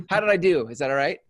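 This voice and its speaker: A man's voice: a little high, fairly bright tone, no echo. An American man co-hosting a podcast, chatty and upbeat, laughing often and restarting his questions. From United States. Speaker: podcast co-host. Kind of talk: casual podcast interview.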